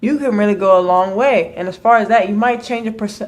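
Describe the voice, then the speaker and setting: A podcast co-host in casual chat, speaking reflectively and encouragingly, often checking in with the listener with a quick "right?". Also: medium pitch.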